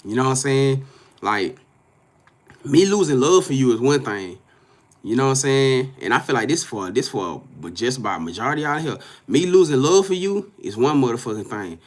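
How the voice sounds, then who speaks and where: A man's expressive, medium-pitched voice moves at a moderate pace as he gives a casual tarot reading on a live stream. Forceful and foul-mouthed, he keeps turning to his viewers, repeating himself and laughing often.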